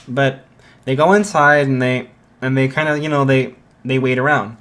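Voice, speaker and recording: A man's voice: mid-range voice, moderate pace, fairly bright tone. A young man casually retelling a fan story, rambling with many fillers and restarts.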